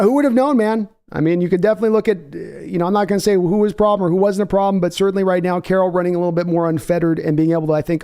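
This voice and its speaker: High-voiced man hosting a fan stream. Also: dark tone. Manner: rambling, restarts phrases, reads donations aloud. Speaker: sports fan channel host. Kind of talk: live reaction stream commentary.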